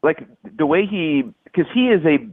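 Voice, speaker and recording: A man's voice: a little high, animated, moderate pace, no echo. A man talks loosely in a casual podcast chat and keeps circling back with restarts and filler. His voice comes through a narrow, tinny line that sounds like a phone call. The sound is dry and close, with no room around it. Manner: rambling, many restarts and "like"s.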